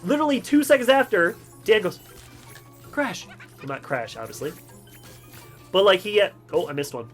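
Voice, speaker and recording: A man's voice: sits high, huge pitch swings, brisk, low-quality recording. A young man with a slightly raised voice talks over his gameplay. He rambles through family stories in a loose, chatty way and laughs often. Faint game music plays underneath. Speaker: gaming channel host. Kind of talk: game commentary with personal stories.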